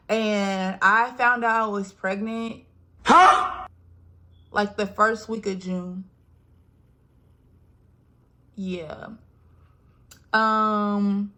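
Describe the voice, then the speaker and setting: A young woman tells a personal story in a relaxed vlog style. She talks at an average pitch for a woman, and she jumps into quoted voices and drops to a hush for her asides. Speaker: vlogger. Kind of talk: casual storytelling.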